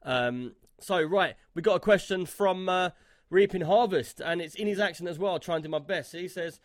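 Male podcast co-host, slightly higher voice, loose rambling chat about games. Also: moderate pace, dry recording, studio quality. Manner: chatty, rambling with fillers and restarts. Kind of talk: casual gaming podcast chat.

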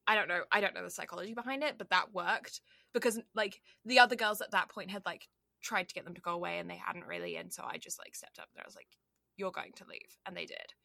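A woman's voice: lowish voice, quick pace, gravelly, pushed and bright, dry recording, studio quality. A young Canadian woman co-hosting a podcast, chatting casually and rambling with lots of "like" and "um". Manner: rambling, heavy on "like" and "um". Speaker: podcast co-host. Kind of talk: casual chat.

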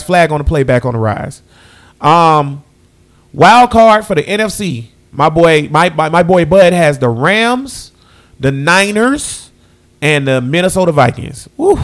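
Man, podcast host, loose casual chat, voice sits a bit high. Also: a bit bright. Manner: loose, chatty, talks to listeners as y'all. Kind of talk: casual sports picks chat.

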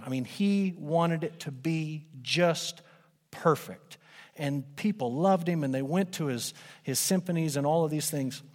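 A man preaching a sermon, emphatic, swinging between loud declarations and hushed, low lines. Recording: long hall reverb.

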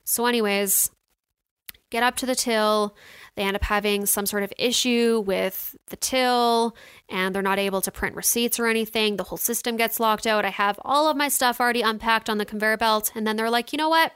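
A woman's voice: fairly high pitch, fairly even intonation, moderate pace, a bit bright, smooth, dry recording, clean studio sound. A young woman, telling a personal story in a casual, candid vlog, full of "like" and "you know". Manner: chatty, candid, lots of "like" and "you know" fillers. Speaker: vlogger.

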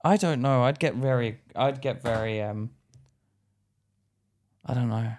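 A young British man co-hosting a podcast in casual chat, joking, laughing often and reading aloud haltingly. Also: mid-range voice, a little mellow, a little hiss or hum. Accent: British English. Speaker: podcast co-host.

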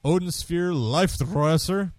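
A man's voice: on the high side, slow, a little mellow, dry recording, soft background music. A man co-hosting a casual podcast chat, laughing often, swearing freely and reading listener posts aloud. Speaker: podcast co-host.

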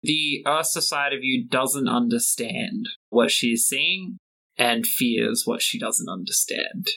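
Unhurried bright-voiced game master. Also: male voice, mid-range voice, gravelly, poor audio. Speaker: game master and podcast host. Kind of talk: narrating a tabletop game. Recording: soft music under the voice.

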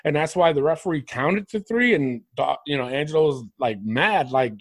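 A man's voice: on the high side, normal speed, husky, dry recording, studio quality. A man hosting a casual podcast chat, talking animatedly and swearing freely. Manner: animated, swears, mimics commentators. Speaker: podcast host. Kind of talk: casual wrestling review chat.

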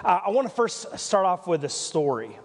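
A man's voice: high voice, sing-song, normal speed, long reverb tail. A Canadian man preaching a sermon as pastor, telling rambling stories full of asides and small jokes. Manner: rambling, self-interrupting storytelling with asides and jokes. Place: church.

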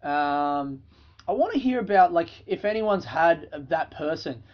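A man's voice: fairly high pitch, animated, measured pace, dull audio. An Australian man hosting his own podcast, telling stories in a loose, profane, casual way and laughing through them. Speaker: podcast host. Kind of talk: casual solo storytelling.

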